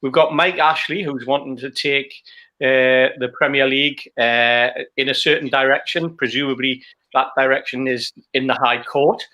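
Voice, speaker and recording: A man giving measured, hedging analysis on a casual football podcast. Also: medium pitch, steady tone, bright, forceful tone, highs cut off. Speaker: podcast co-host.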